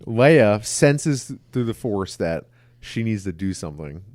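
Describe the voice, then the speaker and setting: A man's voice: lowish voice, sing-song, unhurried, darkish tone. A man co-hosting a casual podcast, who rambles through plot retellings and swears freely. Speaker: podcast co-host. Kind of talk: casual film discussion.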